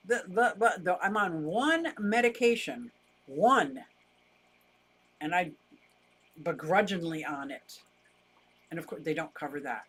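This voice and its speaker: A woman's voice: on the low side, animated, a little slow, a bit bright. Older woman, livestream host, talkative, wry ranter. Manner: chatty, wry, laughs easily, rants about costs. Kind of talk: casual livestream chat reading viewer comments.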